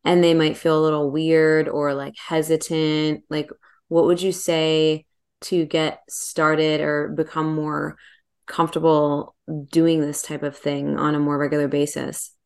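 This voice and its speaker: A woman hosting a podcast, asking questions gently with soft fillers. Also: deep voice, little pitch movement, a little slow. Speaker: podcast host. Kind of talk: casual podcast interview.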